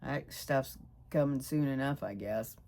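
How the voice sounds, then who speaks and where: Gravelly-voiced woman in her sixties. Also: measured pace. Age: 60s. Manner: rambling, emotional, voice jumps high when excited. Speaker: vlogger. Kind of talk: personal vlog update.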